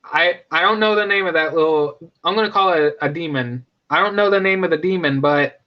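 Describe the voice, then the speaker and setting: A man's voice: fairly high pitch, brisk, lo-fi sound. A young man casually reviewing a movie, rambling with frequent restarts and fillers.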